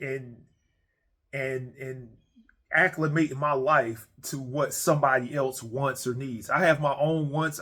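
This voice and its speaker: A man's voice: medium pitch, a bit bright. Man on a blunt profane rant. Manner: heavy swearing, blunt, repetitive restarts. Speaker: ranting monologue creator. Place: his man cave at home.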